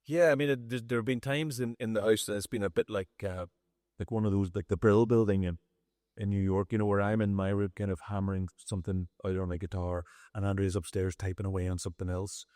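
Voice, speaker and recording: Low-voiced Northern Irish man, dry close sound. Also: fast, no room sound. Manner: relaxed, storytelling, self-deprecating. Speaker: songwriter guest. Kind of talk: on-stage conversation.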